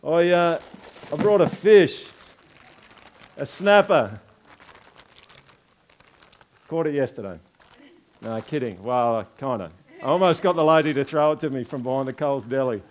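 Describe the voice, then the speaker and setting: A man's voice: mid-range voice, animated, unhurried, long pauses, darkish tone. A man with an Australian accent preaching a conversational sermon, joking and throwing rhetorical questions at the congregation during an object lesson. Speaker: pastor.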